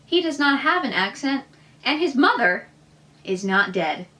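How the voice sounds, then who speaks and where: A young woman hosting a reaction commentary, animated and incredulous, firing off rhetorical questions. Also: high-pitched, measured pace. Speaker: commentary host.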